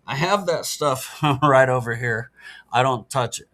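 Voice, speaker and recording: Speaking at a measured pace, a middle-aged man appears as a podcast guest, his mid-range voice a bit bright. He chats casually in interview style, earnestly laying out explanations in a matter-of-fact way.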